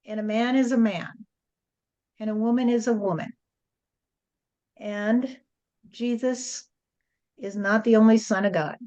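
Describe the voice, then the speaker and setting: A woman's voice: on the high side, fairly even intonation, unhurried, pauses often, a little mellow, muffled recording. A woman channeling a spirit and speaking as God, blunt and lecturing, often adding "you see".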